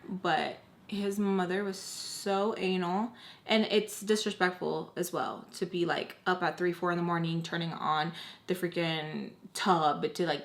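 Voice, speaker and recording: A woman's voice: on the low side, fairly bright tone. A young woman telling a personal storytime in a casual, emotional way, full of fillers like "like" and acting out what others said. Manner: filler-heavy, emotional, quotes others' voices. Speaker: storytime vlogger.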